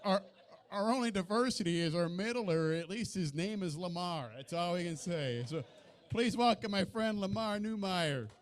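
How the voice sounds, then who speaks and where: A man in his forties hosting a live comedy night on a small cafe stage, introducing the next comic with quick jokes. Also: sits high. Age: 40s. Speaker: comedy show host.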